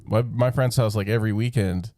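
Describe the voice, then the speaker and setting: A man's voice: lowish voice, a little fast, no room sound. Man telling stories, dry close sound. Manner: animated storyteller with many restarts. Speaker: podcast co-host. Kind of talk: casual chat.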